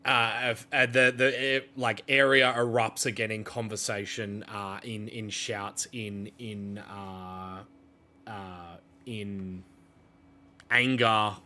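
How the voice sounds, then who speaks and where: Slow, hesitant male game master. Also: lowish voice, level tone, pushed and bright, slight background noise. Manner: hesitant, many fillers. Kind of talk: narrating a tabletop game.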